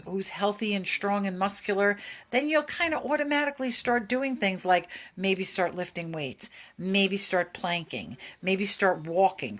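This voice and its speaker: A woman's voice: mid-range voice, a bit bright. A woman hosting a casual self-help podcast, speaking earnestly and rambling, with frequent fillers and restarts. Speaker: podcast host.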